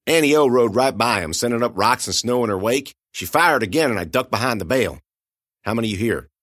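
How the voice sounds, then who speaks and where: A man narrating a first-person audiobook with lively, expressive storytelling. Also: medium pitch, brisk, dry recording, clean studio sound.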